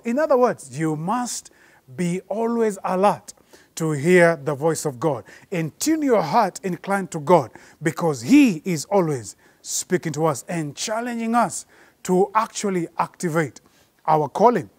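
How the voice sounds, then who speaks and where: A man preaching a sermon, slowing down and rising in force to repeat his points. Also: high-pitched, big pitch swings, a little mellow, dry recording. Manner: measured preaching, slows and rises for emphasis.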